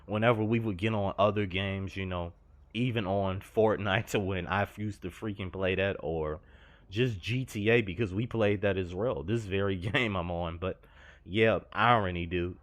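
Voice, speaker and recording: Earnest young man, lowish voice. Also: normal speed. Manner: earnest and confessional, slangy, rambling with "you know". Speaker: gaming vlogger. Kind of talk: personal storytelling over gameplay.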